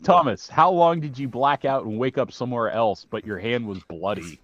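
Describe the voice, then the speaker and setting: A man's voice: medium pitch, normal speed, dull audio, a little hiss or hum. A man on a casual comedic podcast who throws in dry, teasing jokes.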